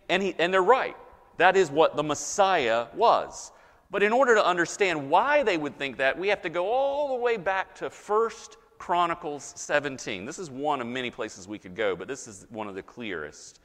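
Lively-voiced male pastor, echoing hall. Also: fairly high pitch. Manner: conversational teaching, checks in with listeners. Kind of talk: sermon. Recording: hall reverb.

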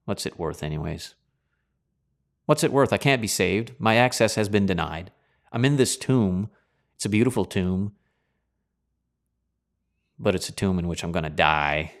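A man's voice: low voice, lively intonation, normal speed, long pauses. A man preaching a sermon in a dramatic, colloquial way, full of rhetorical questions.

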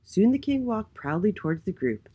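A woman hosting a children's story read-aloud, reading gently and expressively. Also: mid-range voice, sing-song, normal speed, breathy edge. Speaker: host.

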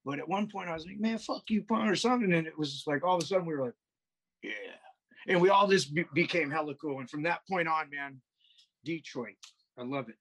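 Husky high-voiced man telling stories. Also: fast talker. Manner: animated storyteller, swears a lot, acts out quotes. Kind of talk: casual podcast chat.

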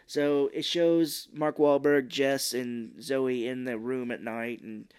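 Animated man recapping a movie. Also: mid-range voice, slow, clean tone. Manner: animated, laughing storyteller. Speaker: podcast co-host. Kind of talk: casual movie-recap chat.

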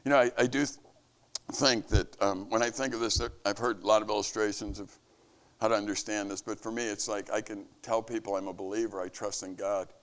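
A man's voice: level tone, a little fast. A man giving an earnest devotional message to camp staff, preaching with rising and falling emphasis. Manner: earnest, preaching, rises and falls in pitch. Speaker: camp leader.

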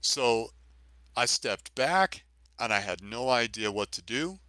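A man's voice: mid-range voice, expressive, takes it slowly, sharp tone, no echo. Earnest man telling a personal story. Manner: earnest, vivid storytelling with emphatic repetition. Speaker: retired police officer, podcast guest. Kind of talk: personal story in a podcast interview.

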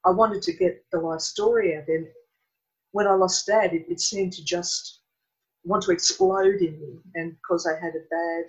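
Earnest halting Australian woman, muffled sound. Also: fairly low pitch, animated. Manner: earnest, halting, restarts mid-sentence. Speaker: guest. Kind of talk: emotional personal account. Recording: dull lo-fi recording.

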